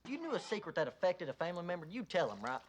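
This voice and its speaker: Young husband, anxious, pressing questions, fast-talking, lively pitch. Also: male voice, background noise. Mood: worried. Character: young husband anxious about wife's debt. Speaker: sitcom husband.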